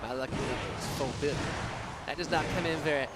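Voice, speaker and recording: A man doing an impression of a deadpan stand-up comedian, delivering a one-liner slowly and flatly. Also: fairly high pitch, loud music behind the voice, close to an everyday voice.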